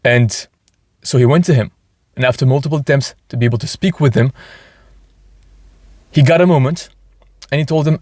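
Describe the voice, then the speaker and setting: A man's voice: medium pitch, moderate pace, pauses often, a little mellow, no room sound, clean studio sound. A man hosting a motivational podcast, talking earnestly and enthusiastically, with frequent restarts. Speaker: podcast host.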